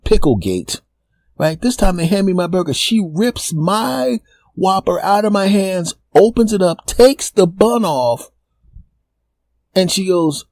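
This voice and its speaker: Male comic storyteller with a husky, slightly high voice and a dry close-mic sound. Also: no echo. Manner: animated, drops low for asides, acts out quotes. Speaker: comedian and podcast host.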